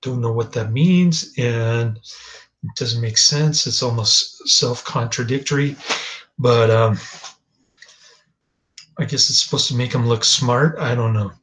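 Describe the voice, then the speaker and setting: A man's voice: mid-range voice, measured pace, long pauses, a bit bright, low-quality recording. A man giving a casual, rambling movie review, hesitant with many fillers and restarts, dry and dismissive.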